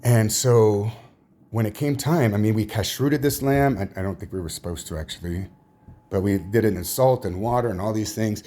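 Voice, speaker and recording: A man telling a personal religious testimony in a rambling, halting way, full of restarts and trailing asides. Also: lowish voice, dark tone. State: tired, emotionally drained. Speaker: religious teacher.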